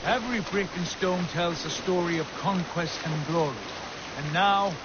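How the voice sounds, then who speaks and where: An actor playing a proud, resolute Viking jarl who speaks in a grand, declamatory way. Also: male voice, high voice, steady tone, moderate pace, heavy background noise, lightly acted. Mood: solemn. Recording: muffled game audio with loud boat and water sounds.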